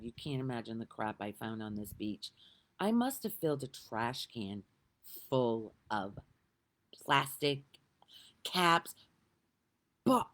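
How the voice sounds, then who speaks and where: A middle-aged woman telling a story in a casual, lively way, laughing often and swearing now and then. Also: very deep voice. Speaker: vlogger.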